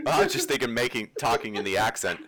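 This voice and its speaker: A man's voice: medium pitch, huge pitch swings, normal speed, background noise. Guy running a d&d game online, voice swings up and down a lot, laughs constantly. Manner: laughs often, loose and rambling. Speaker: dungeon master.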